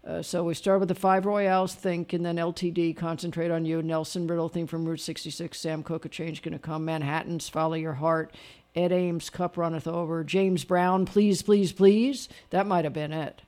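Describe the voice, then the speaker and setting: A man hosting a late-night radio music show, chatty and quick to laugh as he talks with callers. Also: fairly high pitch, level tone, a little mellow. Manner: chatty, with frequent laughs and asides. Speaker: radio DJ and host. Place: radio studio.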